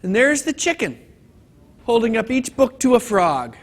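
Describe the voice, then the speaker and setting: Chatty high-voiced male instructor. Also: sing-song, moderate pace. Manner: casual, chatty teaching with corny jokes. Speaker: training instructor. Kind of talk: classroom lecture. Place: conference training room.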